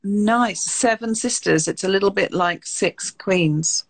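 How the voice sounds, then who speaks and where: A woman's voice: mid-range voice, slow pace. A woman hosting an interview, asking long, rambling questions that she corrects as she goes. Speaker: podcast host. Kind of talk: interview chat.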